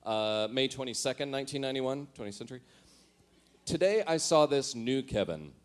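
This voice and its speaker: A man's voice: medium pitch, lively intonation, moderate pace. A man giving a comic reading of his teenage diary. He mocks his own writing and laughs at himself as he goes. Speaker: storyteller.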